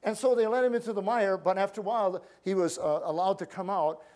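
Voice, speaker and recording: Male pastor, high voice, storytelling sermon that slips into the voices of the people in his stories. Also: fairly even intonation, quick pace. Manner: storytelling preacher, acts out quoted voices, drops to quiet asides.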